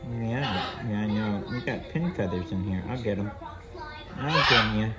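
A woman at a parrot rescue talking gently to a bird in a coaxing, sing-song baby-talk voice. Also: very deep voice, moderate pace. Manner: gentle and affectionate.

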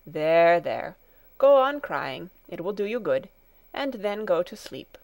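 A woman reading a storybook, voicing a kind, calm male doctor who speaks in a gentle, soothing way. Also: lowish voice, slow pace, gravelly, no room sound, exaggerated voice.

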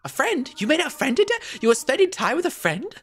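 A man's voice: very high-pitched, very animated, brisk, a bit bright, voice pushed up, full character voice. A young man voicing a motherly goat-monster who scolds and then forgives her child. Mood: softening. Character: stern but loving goat-monster mother.

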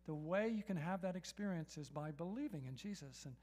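Man, pastor, high voice, church sermon, rhetorical questions, keeps saying right. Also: expressive, fairly quick, hardly any pauses, darkish tone. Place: church sanctuary.

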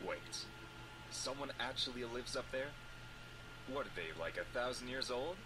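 An actor playing an impatient, dismissive man in a game, with a flat, sarcastic delivery, heard as faint game audio. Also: mid-range voice, normal speed, noisy background, lightly acted.

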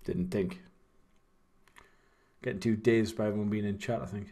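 A man's voice: fairly low pitch, steady tone, moderate pace, warm tone. A young man, casually chatting and rambling while commentating on his own game. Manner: rambling, chatty, self-deprecating. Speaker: streamer.

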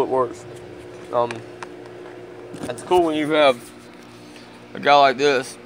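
A man's voice: mid-range voice, fairly bright tone, a little hiss or hum. A man vlogging casually on his lunch break, talking in laid-back slang and fondly to his dog. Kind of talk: casual vlog chat. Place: work site on a lunch break.

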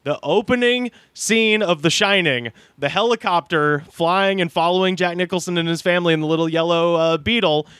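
A man's voice: sits high, normal speed, hardly any pauses, a bit bright, clear, resonant tone, dry recording. Chatty male podcast host, dry studio sound. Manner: chatty, storytelling, laughs often. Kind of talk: casual chat. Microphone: studio microphone.

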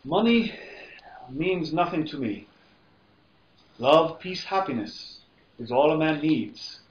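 A man voicing a calm, polite male martial artist who speaks in a formal, stiff way, recorded dull in an echoey room. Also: on the high side, unhurried, a little hiss or hum.

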